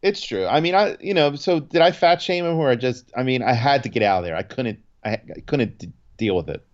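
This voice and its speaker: Through a muffled recording, a man with a medium-pitched voice speaks briskly while co-hosting a podcast. He spins an animated story in casual chat, constantly restarting and leaning on fillers like "like."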